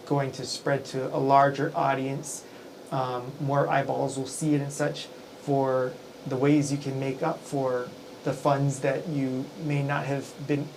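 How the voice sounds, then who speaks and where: A man's voice: medium pitch, creaky, a little hiss or hum, low-quality recording. A man hosting a casual business talk show, rambling with lots of fillers and restarts, working as an event emcee. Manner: rambling, filler-heavy, with frequent self-corrections.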